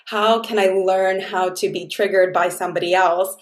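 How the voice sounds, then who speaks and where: A woman's voice: medium pitch, steady tone, normal speed, roomy sound. A woman guest on an interview show, telling stories in an effusive, heartfelt, rambling way. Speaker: guest, dating mentor. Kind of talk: casual interview chat.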